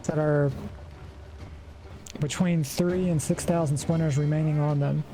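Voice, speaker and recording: A man's voice: fairly high pitch, fairly even intonation, measured pace, dark tone, soft background music, poor audio. A man on game voice chat, plainly reading off ship supplies and damage to his captain. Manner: matter-of-fact, reels off ship status. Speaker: crewmate in an online game.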